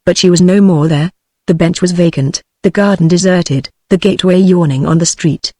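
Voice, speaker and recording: A text-to-speech woman's voice with a British English accent reading a novel aloud in an even, synthetic way, sometimes voicing the punctuation. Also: on the low side, normal speed, no room sound. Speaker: audiobook narrator.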